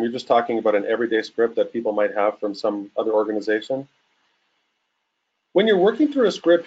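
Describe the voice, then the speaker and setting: Husky man in his forties coaching. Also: fairly low pitch, dull audio. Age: 40s. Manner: casual, animated, acts out calls. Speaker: real estate coach. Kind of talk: webinar talk.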